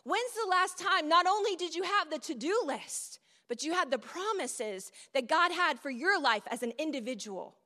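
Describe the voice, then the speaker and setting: Lady preaching, high bright voice, chatty storytelling, big reverby hall. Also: lively intonation, normal speed, hardly any pauses. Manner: storytelling, conversational with audience asides. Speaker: speaker at a church event. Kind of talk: sermon.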